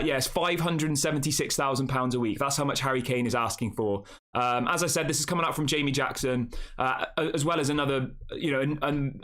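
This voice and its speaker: A young man with a mid-range, fairly bright voice hosts a laid-back football live stream. He chats directly with his viewers and calls the chat "guys."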